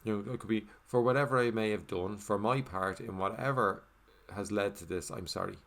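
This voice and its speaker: A man with a very low, vocal-fried voice gives a reflective first-person English voiceover for a signed video, speaking fairly quickly and loosely with fillers like "you know" and "like." When he repeats the meditation phrases, he drops to a soft murmur.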